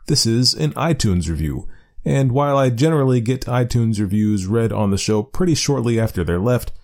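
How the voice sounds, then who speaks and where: A man hosting a short-story podcast, talking through his intro in a chatty, animated way. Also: mid-range voice. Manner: lively, animated delivery. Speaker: podcast host. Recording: faint music behind.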